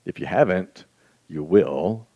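A man preaching a sermon in a conversational, folksy and self-deprecating way, reading scripture slowly and deliberately. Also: low-pitched, lively intonation, creaky, highs cut off. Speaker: pastor.

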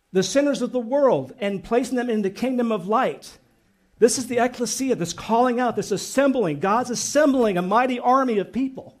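A man preaching a sermon, earnest and growing excited and emphatic as he teaches. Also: high-pitched. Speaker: pastor.

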